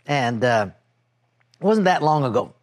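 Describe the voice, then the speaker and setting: A middle-aged man preaching a sermon, telling a personal story and acting out an argument in a raised, animated voice. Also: medium pitch, a little slow. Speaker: pastor.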